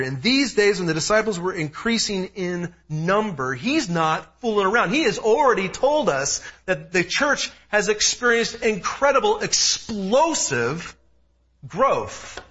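A man in his thirties preaching an expository sermon, emphatic and animated, with personal asides. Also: high voice, husky. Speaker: pastor. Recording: dull lo-fi sound.

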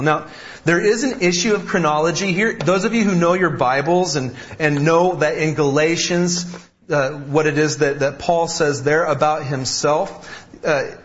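A man's voice: fairly high pitch, a bit bright, lo-fi sound. A man preaching a sermon as pastor, talking in a conversational way, repeating key phrases and restarting sentences.

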